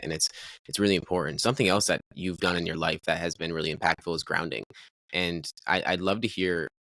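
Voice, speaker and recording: Male podcast host, very deep, dry studio sound, thoughtful and a bit halting. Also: bright, forceful tone, dry recording. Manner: thoughtful, slightly halting, repeats words. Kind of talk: interview conversation.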